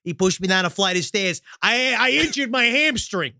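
A man's voice: high voice, expressive, normal speed, sharp tone, dry recording, clean studio sound. A man co-hosting a comedy podcast, reading news quotes aloud and mocking them in put-on voices. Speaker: podcast co-host. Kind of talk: casual comedic chat.

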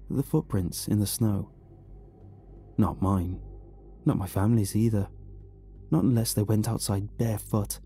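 A man narrating a horror story in an expressive, dramatic reading. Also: on the low side. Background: faint music.

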